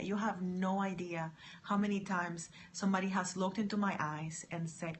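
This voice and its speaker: A woman talking to camera in a faith-based pep talk. She moves between hushed, soft lines and loud, excited encouragement. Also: on the low side, normal speed, a little hiss or hum. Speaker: motivational vlogger.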